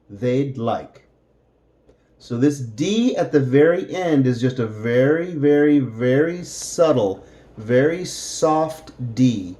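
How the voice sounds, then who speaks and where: Very slow-speaking male English teacher. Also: medium pitch, animated, mellow. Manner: speaks very slowly, drawing out example phrases for repetition. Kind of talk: slow English lesson for learners.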